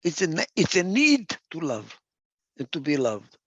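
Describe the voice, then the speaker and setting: A man's voice: on the high side, huge pitch swings, measured pace, slightly rough, dry recording, muffled recording. A man giving a reflective talk. He stresses points by repeating phrases, and sometimes stalls over a word and starts again. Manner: gets lost for a word and restarts. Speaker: speaker.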